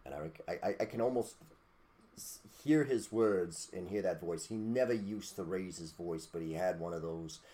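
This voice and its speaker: A man's voice: sits low, normal speed, mellow. A man hosting a podcast, talking in a blunt, preachy, casual rant with mild cursing and a habit of asking "okay?". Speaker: podcast host.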